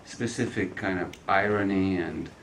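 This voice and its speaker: A man's voice: sits low, moderate pace, a little hiss or hum. A man speaking as a guest at a film Q&A, telling anecdotes in a chatty way and often laughing as he talks. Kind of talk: casual anecdotal storytelling. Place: cinema hall in front of an audience.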